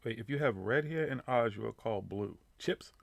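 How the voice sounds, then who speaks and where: A man's voice: medium pitch, a little fast, vocal fry, no room sound. A man with a Boston accent hosting a live radio talk show, chatting casually, swearing a lot and laughing often. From Boston area. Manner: profane, animated, laughing often.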